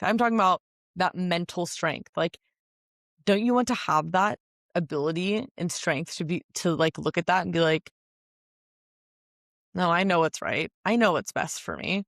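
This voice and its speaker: A woman's voice: on the low side, dry recording, studio quality. A woman in her twenties hosting a solo podcast, talking casually and emphatically with lots of fillers and little laughs. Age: 20s. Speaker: podcast host.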